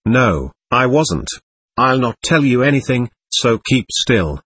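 A man reading aloud the lines of a quick-tempered, stubborn male spirit in a séance record, defiant and threatening. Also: mid-range voice, sing-song, fairly bright tone, husky, full character voice.

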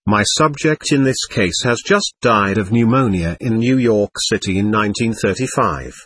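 A man reads an audiobook in a measured, even manner. His voice is husky, and the recording is close and dry. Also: on the low side, dry recording. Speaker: audiobook narrator. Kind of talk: scripted narration.

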